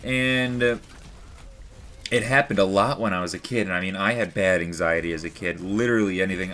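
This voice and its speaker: A man's voice: on the low side, a bit bright. A young man telling a personal story to the camera in a rambling, earnest way, full of "like" and "you know". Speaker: vlogger.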